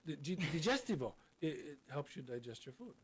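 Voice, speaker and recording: A man's voice: on the high side, very animated, a little fast. A middle-aged man, a chef guest on a radio show, explaining firmly with frequent restarts and "right?". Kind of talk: casual radio interview.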